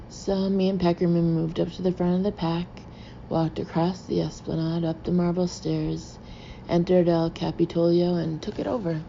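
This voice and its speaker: A woman's voice: fairly low pitch, flat delivery, moderate pace, gravelly, dark tone, a little hiss or hum. A woman reading a novel aloud in the first person, with dry, wry storytelling. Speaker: audiobook reader. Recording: muffled lo-fi recording.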